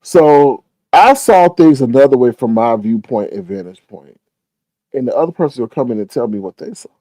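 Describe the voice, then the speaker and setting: A man hosting a casual live stream, talking straight to his viewers and breaking into excited exclamations. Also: mid-range voice, moderate pace, dry recording, rough recording. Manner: animated, exclaims often, talks to viewers directly.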